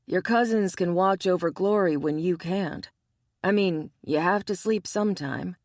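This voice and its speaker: A woman's voice: lowish voice, unhurried, a little mellow, dry recording, studio quality. A woman voicing a wry, teasing man in an audiobook. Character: adult man, smirking shop-owner friend, wry.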